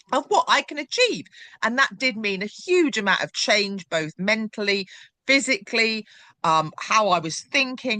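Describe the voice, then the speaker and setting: A middle-aged woman hosting a podcast, chatting in a lively, emphatic way. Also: a little high, no echo. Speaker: podcast host. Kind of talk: casual chat.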